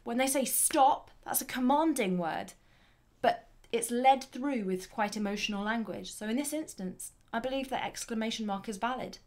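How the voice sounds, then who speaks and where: A woman with a fairly high voice teaches a grammar lesson. She explains each point clearly and deliberately, then lifts her voice to read the example sentences with emphasis.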